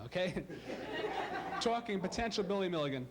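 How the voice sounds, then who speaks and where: A man from Ohio doing a stand-up comedy routine, animated and slipping into silly voices for his bits. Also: high voice, moderate pace, long pauses. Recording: live club recording with audible crowd noise.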